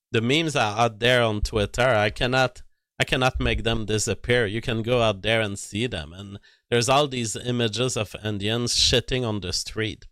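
A man's voice: medium pitch, fairly bright tone, no room sound, studio quality. A man telling a rambling story to his audience, often restarting his sentences. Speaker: commentator.

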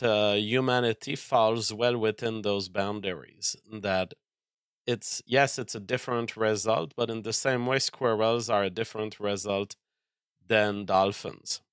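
Slow, crisp-voiced man ranting on stream. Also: fairly low pitch, a bit bright, no room sound, studio quality. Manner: mock-angry ranting, profane, stammering restarts. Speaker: livestream host reading chat. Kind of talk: casual livestream chat.

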